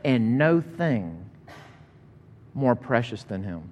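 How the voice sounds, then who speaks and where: Middle-aged pastor preaching in a reverberant hall. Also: male voice, medium pitch, slow pace, muffled recording. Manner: conversational, animated when retelling a story. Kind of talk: sermon with storytelling. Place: church sanctuary. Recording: long reverb of a large hall.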